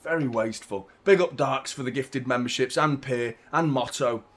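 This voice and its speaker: A man hosting a live football watchalong, reacting to the match with casual chat, swearing and bursts of shouting at big chances. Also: mid-range voice, normal speed. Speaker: host of a football watchalong stream.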